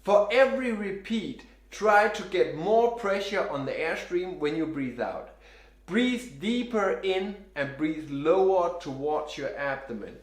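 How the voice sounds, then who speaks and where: A man's voice: sits high, unhurried. Man coaching saxophone breathing, roomy echo. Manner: calm step-by-step coaching, demonstrating as he talks. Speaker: saxophone teacher. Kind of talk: instructional demonstration.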